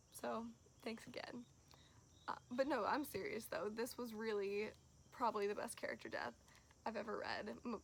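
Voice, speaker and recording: A woman reviewing a book to camera in a chatty, gushing way, full of "like"s and quick laughs. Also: fairly high pitch, creaky, slight background noise. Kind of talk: casual chat to camera.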